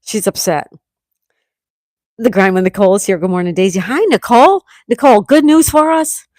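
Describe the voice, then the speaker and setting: A woman's voice: medium pitch, normal speed, a little mellow, no echo. Chatty woman reading live chat, dry sound. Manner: reads viewers' comments aloud, chatty and affectionate. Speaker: livestream host reading chat.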